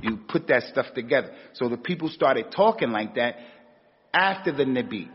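Husky American man preaching in a hall. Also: medium pitch, lively intonation, moderate pace. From United States. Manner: emphatic, repeats key words, rises sharply on rhetorical questions. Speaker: religious teacher. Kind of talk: Islamic lecture. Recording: dull, echoey hall recording.

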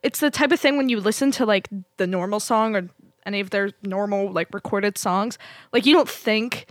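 A woman's voice: medium pitch, normal speed, no room sound, clean studio sound. A young woman hosting a radio music show, chatting casually and rambling with lots of fillers.

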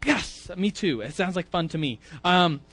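A man's voice: sits high, lively intonation, moderate pace, a bit bright, breathy edge. A man teaching a Sunday school class in a church, talking casually, often repeating words and asking the audience questions. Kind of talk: casual sermon.

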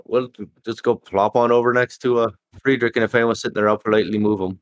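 A man's voice: mid-range voice, fairly even intonation, fast talker, few pauses, no room sound. A man playing a tabletop game, partly in character, with wry joking asides. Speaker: player.

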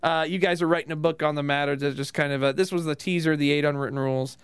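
A man's voice: a little high, fairly even intonation, fast talker, clean tone, no room sound. A man hosting a comedy podcast, chatting casually with frequent fillers and laughter. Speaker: podcast host.

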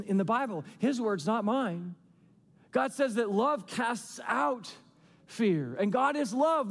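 A man in his thirties preaching a sermon as a pastor, animated, swinging between loud emphasis and quiet drawn-out lines. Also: high-pitched. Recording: long hall reverb.

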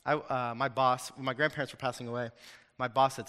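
A young man giving a sermon in a casual, animated way, joking with his listeners. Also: mid-range voice, brisk. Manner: animated, conversational, jokes with the audience. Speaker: preacher. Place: hall with an audience. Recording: long hall reverb.

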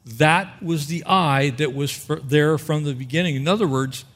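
A man's voice: fairly high pitch, a bit bright. Man preaching with rhetorical questions. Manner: expository preaching, rhetorical questions, slows for emphasis. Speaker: pastor. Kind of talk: sermon.

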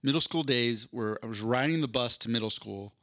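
Bright, lively man telling a story. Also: medium pitch, no echo, clean studio sound. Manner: animated storyteller, swears freely, quick asides. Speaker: podcast co-host. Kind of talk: casual chat, storytelling.

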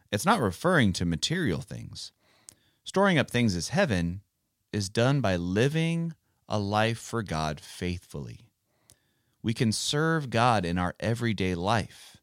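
A man's voice: on the high side, fairly bright tone, dry recording, studio quality. A man hosting a casual Bible podcast for children, talking in a playful, teacherly way. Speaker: podcast host.

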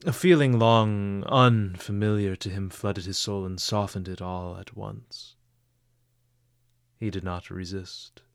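Slow, low-voiced male audiobook narrator. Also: creaky, clear, resonant tone, no room sound, clean studio sound. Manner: measured, expressive reading.

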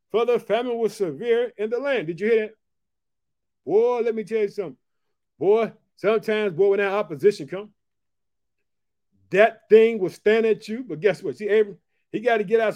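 A man with a high voice gives a fervent, casual late-night Bible teaching. He keeps turning to his listeners to ask if they caught what he said. When he reads the verses, he slows to a deliberate pace. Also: a little mellow. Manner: fervent and repetitive, often asking listeners if they heard; reads scripture slower and more deliberately.

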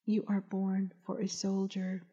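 A woman's voice: medium pitch, monotone, unhurried, dark tone, lightly acted. A woman voicing a Navajo warrior leader who gives his grandson a solemn ceremonial greeting. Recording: dull lo-fi recording.

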